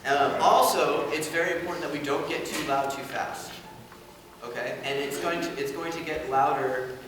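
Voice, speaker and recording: Conductor in a booming rehearsal hall. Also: male voice, fairly even intonation, normal speed, background noise. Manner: sings rhythms to demonstrate; checks in with short questions. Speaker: orchestra conductor. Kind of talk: rehearsal instruction. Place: large rehearsal hall with orchestra. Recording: distant mic in reverberant hall with orchestra.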